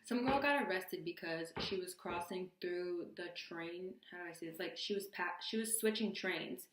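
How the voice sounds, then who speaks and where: A young woman vlogger recounts a wild story in a casual, slang-filled voice. She sets her lines low and throws in jokey asides. The room around her rings with a roomy echo. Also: moderate pace.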